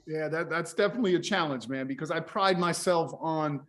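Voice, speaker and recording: A man's voice: fairly high pitch, brisk. A man, a company founder and guest, chatting energetically in a casual interview and often ending his points with "right?". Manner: energetic, tags sentences with "right?".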